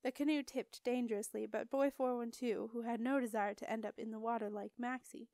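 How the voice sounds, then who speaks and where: A woman's voice: fairly high pitch, steady tone, a little fast, dark tone, no room sound. Woman reading an audiobook, dry close sound. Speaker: audiobook reader. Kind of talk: audiobook narration.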